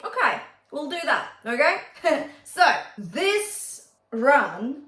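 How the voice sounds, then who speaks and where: Woman vocal coach, bit high voice, chatty and encouraging, echoey room. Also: very animated, takes it slowly, fairly bright tone. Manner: upbeat, encouraging, checks in with "okay?". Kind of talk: singing lesson to camera.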